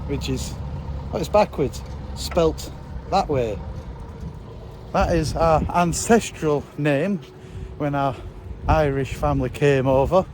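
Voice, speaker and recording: A man's voice: a little high, takes it slowly, long pauses, a little mellow, slight background noise. Chatty man vlogging outdoors. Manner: chatty, wry and self-mocking. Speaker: monster truck driver vlogging. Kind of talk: casual travel vlog. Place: outdoors at a show site and on a ferry.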